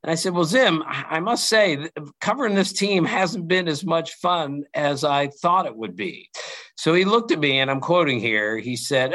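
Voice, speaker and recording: A middle-aged man telling lively anecdotes in an interview, acting out quotes from others. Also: a little high, normal speed. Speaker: interview guest, baseball writer. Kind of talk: storytelling in an interview.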